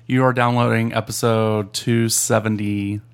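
A man with a gravelly, fry-edged voice co-hosts a podcast in loose, joking banter. He teases his partner and laughs often, close to a studio mic. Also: lowish voice, little pitch movement, moderate pace. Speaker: podcast co-host. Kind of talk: casual banter.

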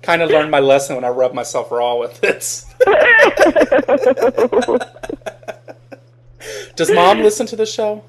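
A man's voice: sits high, slow, pauses often. A man from Virginia hosting a podcast, telling stories in a casual chat and laughing often. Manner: animated storytelling, laughs often. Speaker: podcast host.

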